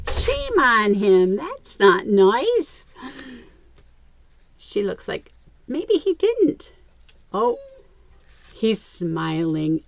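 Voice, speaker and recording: A woman reading a picture book aloud to children, her pitch leaping around animatedly. She takes her time and talks to the little listeners directly, gasping at every surprise. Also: creaky, a little hiss or hum. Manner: expressive, child-directed, frequent gasps; talks directly to young viewers. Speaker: children's story reader.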